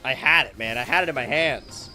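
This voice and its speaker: A young man casually commenting on his gameplay as a streamer, chatty and self-mocking, with sudden loud outbursts and a voice getting worn. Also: mid-range voice, fairly quick, soft background music.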